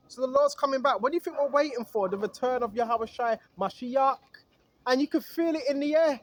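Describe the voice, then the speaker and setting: A man's voice: very high-pitched, a little fast, a little hiss or hum. A man preaching outdoors, reading scripture aloud and then riffing on it, calling out to listeners and chuckling often. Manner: exhorting, reads scripture aloud then riffs on it. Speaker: street preacher.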